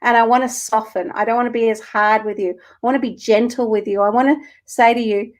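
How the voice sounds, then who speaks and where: A woman's voice: on the high side, steady tone, brisk. A woman co-hosting a live stream and reading spiritual cards for viewers, earnest and emotional with the odd swear.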